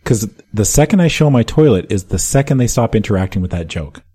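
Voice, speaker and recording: Man, low voice, mellow tone, joking podcast guest, casual chat. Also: lively intonation, a little fast, slightly rough. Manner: joking, laughs while talking.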